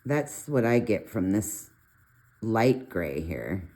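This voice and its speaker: A middle-aged woman casually talking through a colored pencil demo, chatty and rambling with animated asides. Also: very deep voice, slow. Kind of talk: casual art tutorial talk.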